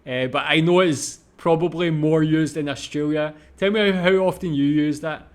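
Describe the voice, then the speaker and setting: A man's voice: a little high, moderate pace. A man hosting a reaction video, curious and asking many questions. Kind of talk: reaction commentary.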